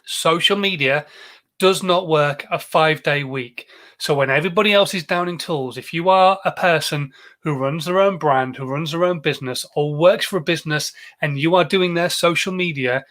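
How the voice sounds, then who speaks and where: A man's voice: on the high side, a little fast, a bit bright. A man hosting a live show, talking casually to viewers and greeting them with frequent filler words. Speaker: host of a live social media show.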